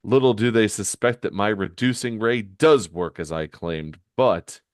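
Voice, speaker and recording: A man voicing a scheming, gloating male comic villain, smug and measured, in a low voice. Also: no echo, clean studio sound, close to an everyday voice.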